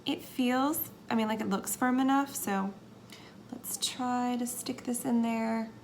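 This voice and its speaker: An unhurried young woman with a high-leaning, darkish-toned voice narrates her soap making as a relaxed tutorial. She's talkative but hesitant, occasionally lowering her voice to a whisper mid-task, with faint background noise present.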